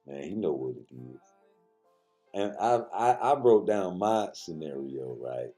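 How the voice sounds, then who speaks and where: A man's voice: low voice, lively intonation, a little slow, warm tone, soft background music. A man giving casual, profane boxing commentary, joking loosely and talking straight to his viewers.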